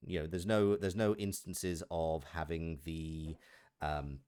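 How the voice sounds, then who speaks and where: A man's voice: low-pitched, level tone, slow, darkish tone, clear, resonant tone, no echo, clean studio sound. A man with a Merseyside accent chatting on a live stream as a voice actor, explaining his thinking in a thoughtful way. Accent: Merseyside English. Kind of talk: casual chat on a live stream.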